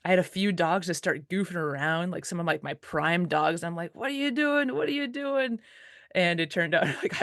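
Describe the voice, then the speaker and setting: A woman dog musher as an interview guest, telling stories in a relaxed, casual way with lots of "like" fillers and easy laughs. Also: deep voice, dry recording, studio quality.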